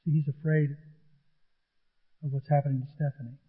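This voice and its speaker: A man's voice: a little high, little pitch movement, fairly quick, breathy edge. Middle-aged male pastor, emphatic and repetitive sermon delivery, thin lo-fi phone-line sound. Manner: earnest, repetitive, emphatic preaching.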